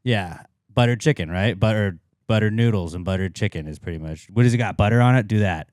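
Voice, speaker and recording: Low smooth guy hosting a podcast, dry close sound, goofing around. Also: fast, darkish tone, no echo. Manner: joking, loose and playful. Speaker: podcast host. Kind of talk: casual chat. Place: indoor studio room, recording around a coffee table.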